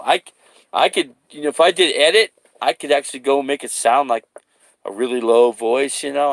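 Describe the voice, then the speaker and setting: Brief: a rambling, foul-mouthed man vlogging with a gravelly mid-pitched voice. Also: no room sound. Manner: rambling, loose, swears casually, laughs at own jokes. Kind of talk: casual vlog chat.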